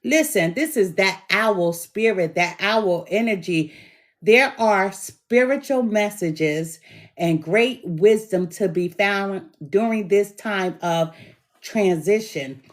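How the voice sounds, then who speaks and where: A middle-aged woman reads tarot cards at an unhurried, drawn-out pace. Her voice is hoarse with a lingering chest cold, and she leans into each word with emphatic encouragement. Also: medium pitch. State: hoarse from bronchitis, coughing. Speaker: tarot reader. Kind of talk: tarot reading.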